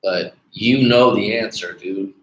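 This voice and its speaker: In an echoey room with faint noise behind him, a man with a fairly low, slightly bright voice speaks slowly on his dating coaching livestream. He goes through viewer comments casually and bluntly, swearing freely and calling everyone dude.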